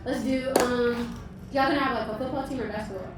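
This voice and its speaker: A young woman with a Southern accent, a content creator telling her story in a chatty, excitable way, full of "like". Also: a little high, fairly quick, noisy background. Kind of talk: casual vlog storytelling. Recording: echoey, distant mic.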